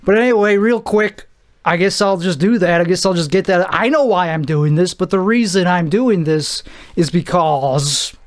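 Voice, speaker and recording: A young man hosting a solo podcast, rambling and self-deprecating with halting restarts, out of breath. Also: high-pitched. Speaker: podcast host. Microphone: camera mic.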